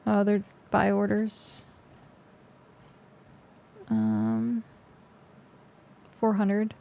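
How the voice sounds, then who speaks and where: A woman's voice: mid-range voice, monotone, drawn-out words, gravelly, warm tone. A young woman streaming a game, chatting casually and rambling with lots of fillers as she plays. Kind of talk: casual gameplay commentary.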